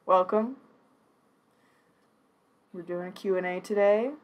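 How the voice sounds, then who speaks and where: A woman's voice: on the low side, fairly even intonation, very slow, noisy background. A woman with a Wisconsin accent hosts a casual livestream chat. She talks playfully and laughs often, in an easy, everyday voice. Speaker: stream host.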